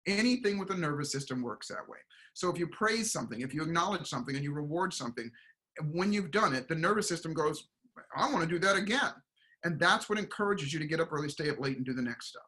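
A middle-aged man and performance coach, talking in a casual interview as an animated storyteller who acts out quoted voices. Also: on the high side, fast talker. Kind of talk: casual motivational interview talk.

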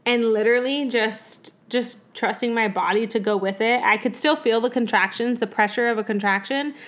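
A young woman casually telling a personal story in conversation, animated and laughing often. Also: fairly high pitch, moderate pace.

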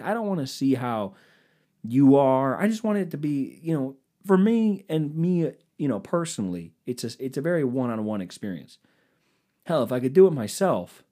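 Rambling, animated solo podcast guy. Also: mid-range voice. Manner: rambling, self-mocking, jokey asides to imagined audience. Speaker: podcast host. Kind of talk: solo comedic podcast rant.

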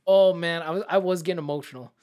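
A man co-hosting a casual film podcast, excitable and animated, often acting out scenes as he talks. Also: a little high, fast. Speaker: podcast co-host. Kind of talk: casual film review chat.

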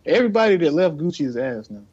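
A man's voice: on the high side, sing-song, quick pace, darkish tone, slightly rough, dry recording. A man guesting on a podcast, joking bluntly and crudely in casual chat. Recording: dry, dull lo-fi sound.

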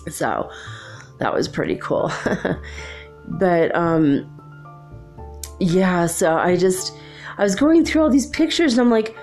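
A woman tells a rambling personal story in a low, gravelly voice, full of fillers and easy laughs. She speaks in a casual, unscripted way. Faint music sits behind her. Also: lively intonation, slow pace, pauses often, darkish tone.

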